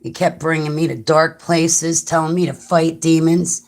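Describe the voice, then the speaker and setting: A woman's voice: low-pitched, level tone, normal speed. A woman hosting a livestream, talking casually and bluntly to her viewers, rambling from topic to topic and chuckling often. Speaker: livestream host.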